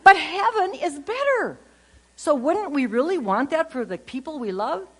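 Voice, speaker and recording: An older woman giving a humorous faith talk at a conference, an animated storyteller who jumps between loud bursts and low asides. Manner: animated storyteller, quick jokes, voices her kids and others. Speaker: conference speaker.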